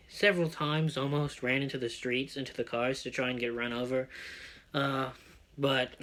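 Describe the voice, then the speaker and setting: Bright-voiced man ranting excitedly. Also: mid-range voice. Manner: profane, excitable storytelling. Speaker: vlogger. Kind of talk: personal rant monologue.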